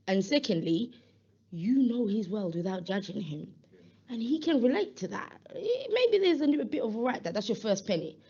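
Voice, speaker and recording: A woman's voice: a little high, husky. A woman giving a safeguarding talk, telling stories and acting out bits of dialogue. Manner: lively storytelling, acts out dialogue with laughs. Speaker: safeguarding speaker. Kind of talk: animated talk at a webinar. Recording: muffled lo-fi audio.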